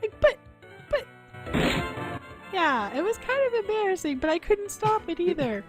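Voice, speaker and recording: A young woman with a high, lively voice chats casually as a stream host. She tells stories with animated energy and giggles often. Soft game music plays faintly behind her. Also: moderate pace. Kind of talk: casual chat.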